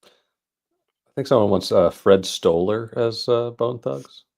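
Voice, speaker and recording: Co-host, man, very low gravelly voice, dry deadpan one-liners. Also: slow pace. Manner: laconic, dry short replies. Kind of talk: casual comedic chat.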